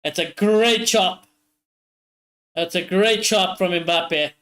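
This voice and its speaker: A man commentating live on a football match for his stream viewers, excitable, swearing often and talking straight to his audience. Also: sits high, slow.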